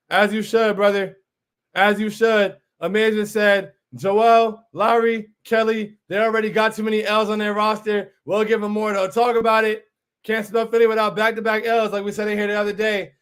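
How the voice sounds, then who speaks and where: Hyped man reading chat, higher voice. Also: smooth. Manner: excited, repeats phrases, reads viewer comments aloud. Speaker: livestream host reading chat. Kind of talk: casual hype chat.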